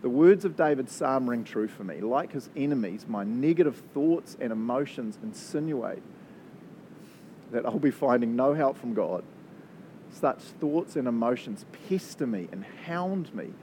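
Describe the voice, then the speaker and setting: Male pastor, New Zealand accent, mellow-toned, lively and conversational sermon delivery, faint rumble in the background. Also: rough recording. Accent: New Zealand English. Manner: animated, chatty, quick to laugh. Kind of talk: sermon with prayer.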